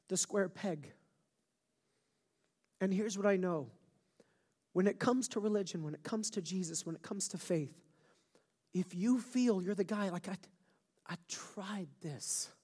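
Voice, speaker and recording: Emotional pastor preaching in slangy casual style. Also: mid-range voice. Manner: casual slang, swings from hushed near-whisper to loud fervent emphasis. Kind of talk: sermon. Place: church service before a live congregation.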